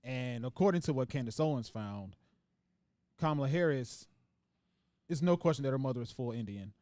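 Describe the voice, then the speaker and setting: A man hosting a podcast in casual conversation. He rambles, backs up and restarts sentences as he thinks aloud. His voice sits in a middle pitch, and the sound is dry and close. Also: animated, moderate pace, dark tone, no echo. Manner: reads out viewer comments. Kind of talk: casual discussion.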